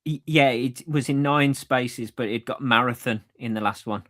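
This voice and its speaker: Man, podcast co-host, relaxed, hesitant, repeats phrases, middle pitch. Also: normal speed. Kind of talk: casual chat.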